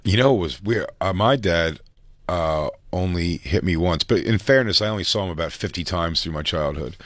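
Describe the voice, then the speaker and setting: A man telling a short comedic story on a podcast with a deadpan delivery. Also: low-pitched, normal speed, dry recording, studio quality.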